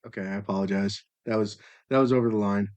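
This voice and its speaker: A man's voice: fairly low pitch, fairly even intonation, fast, darkish tone, lo-fi sound. A man co-hosting a casual podcast. He banters with his co-host and repeats his words when he cuts in. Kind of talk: casual chat.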